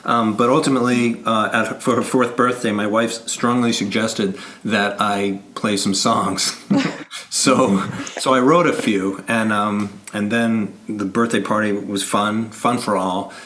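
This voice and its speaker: Middle-aged guy from new york chatting on a zoom call, lowish voice, laughs a lot, lots of ums. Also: fairly even intonation, unhurried, a bit bright, slight background noise. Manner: chatty, laughing, many fillers. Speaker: podcast guest, children's musician. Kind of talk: casual chat over video call. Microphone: video call.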